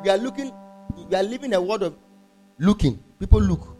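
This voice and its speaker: A man preaching a sermon, animated, half-singing his phrases, laughing and quizzing the congregation. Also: sits high, fairly quick, over music. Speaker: pastor.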